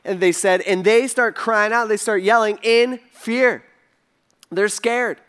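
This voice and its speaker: A man's voice: sits high, steady tone, takes it slowly, fairly bright tone, clean tone. A man giving a casual sermon as a pastor, talking loosely with lots of "like" and acting out voices in his quotes. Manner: conversational, full of "like", voicing characters in quotes.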